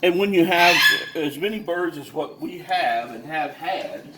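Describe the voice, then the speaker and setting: Over very heavy noise, a man who breeds birds explains a task step by step in a relaxed demonstration, often restarting and using fillers. His voice is slightly high and his pace measured.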